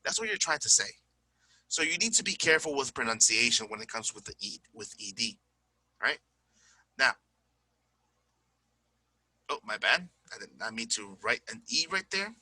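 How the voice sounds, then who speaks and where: A man's voice: mid-range voice, very animated, normal speed, pauses often, sharp tone, slightly rough, dry recording, low-quality recording. A tired man teaching an English lesson, chatty and repeating examples aloud. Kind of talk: recorded classroom lesson.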